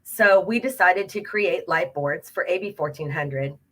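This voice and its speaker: With a lowish voice and a slightly slow pace, this woman, president of a local progressive club in the LA area, California, shares a campaign story on a web talk show. Her casual telling is animated and filler-heavy, with quoted exchanges acted out.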